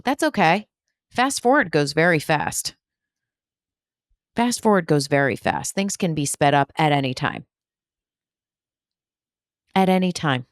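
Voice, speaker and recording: A woman's voice: low-pitched, lively intonation, a little slow, long pauses, no echo, studio quality. Emphatic, blunt woman giving spiritual pep talk. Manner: emphatic, repetitive, blunt with swearing and humor. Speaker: spiritual medium and podcast host. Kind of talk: motivational spiritual podcast talk.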